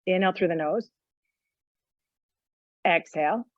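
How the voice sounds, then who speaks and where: Female yoga teacher, chatty and joking, slightly low voice, dull dry recording. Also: unhurried, dry recording. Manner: chatty, joking asides while cueing moves. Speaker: yoga instructor. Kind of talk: guided exercise class instruction.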